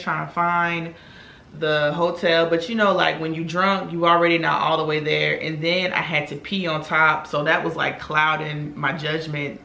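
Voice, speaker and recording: A young woman spins a long story in a casual, animated way and slips into other people's lines as she tells it. Her voice is bright with a gravelly rasp. The room around her echoes noticeably. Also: low-pitched. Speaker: beauty vlogger. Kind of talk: casual storytelling while doing makeup.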